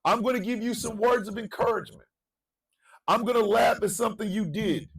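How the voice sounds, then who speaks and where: A male morning show host gives an impassioned monologue, repeating phrases and lurching from low murmurs to shouts. He talks fairly quickly in a creaky voice, picked up from a distance.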